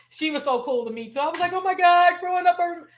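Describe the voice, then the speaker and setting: A woman hosting an interview show, chatting casually and eagerly, with slangy phrasing and lively storytelling. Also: extremely high pitch, moderate pace. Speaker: host. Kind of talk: casual chat.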